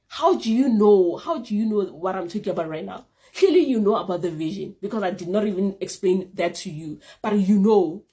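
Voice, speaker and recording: A young woman vlogger telling a casual storytime tale, animated and repeating phrases for emphasis. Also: medium pitch.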